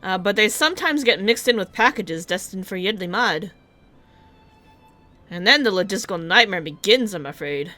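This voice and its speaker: A woman's voice: mid-range voice, animated, normal speed, sharp tone, faint music behind. A woman voicing a polite, fretful alchemist in a game read-along, speaking in a courteous, formal way. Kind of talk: reading game dialogue aloud.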